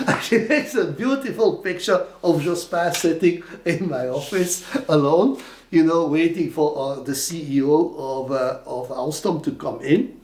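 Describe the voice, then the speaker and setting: An older man with a Flemish Belgian accent telling animated anecdotes as an interviewee, with lots of fillers and restarts. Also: a little high, moderate pace, a little hiss or hum. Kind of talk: anecdotal storytelling. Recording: roomy echo.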